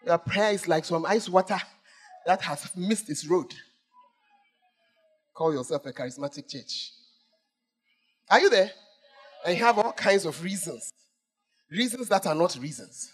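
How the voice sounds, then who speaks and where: A male pastor preaching a sermon, swinging between shouts and hushed asides as he teases the congregation. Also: high voice, animated, a little slow, pauses often, husky, soft background music.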